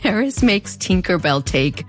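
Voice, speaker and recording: Soft music plays behind a video essay host whose lowish voice swings widely in pitch at a measured pace. She is a woman in her thirties or forties with a fronterizo Mexican border accent, offering wry, conversational commentary full of playful asides.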